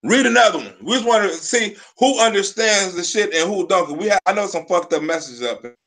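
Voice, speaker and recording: Guy hosting a live stream, kinda high voice, cussing a lot, rambly, keeps restarting. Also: animated, a bit bright. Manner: profane, rambling, halting restarts. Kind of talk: casual live stream chat.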